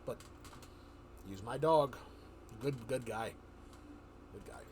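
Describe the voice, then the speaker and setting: A man's voice: medium pitch, slow, a little hiss or hum. A man streaming live, telling a rambling story in casual chat, often chuckling and restarting his sentences.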